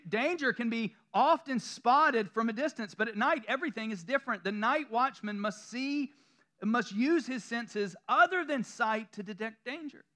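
Southern male pastor, high bright voice, preaches in a loose conversational way with chuckles and self-deprecating asides. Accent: Southern American. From Southern United States. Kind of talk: sermon. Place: church room before a congregation.

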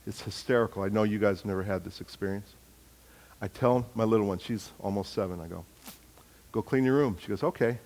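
A man's voice: on the low side, fairly even intonation, quick pace, a little mellow, in a large hall. A middle-aged man preaching a sermon, telling family stories with acted-out dialogue and building to emphatic points. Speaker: pastor.

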